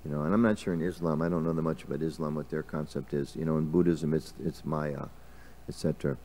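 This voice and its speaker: Speaking in a mellow bass voice with fairly even intonation and a quick pace, a man leads a casual scripture class in a temple hall. He talks conversationally, using lots of fillers and putting questions to the audience.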